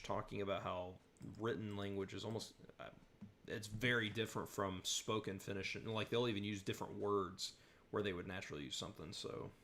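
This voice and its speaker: A man's voice: lowish voice, creaky, a bit bright, a little hiss or hum. A man hosting a casual question-and-answer chat, rambling with lots of fillers and restarts while he searches for names. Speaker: channel host answering viewer questions.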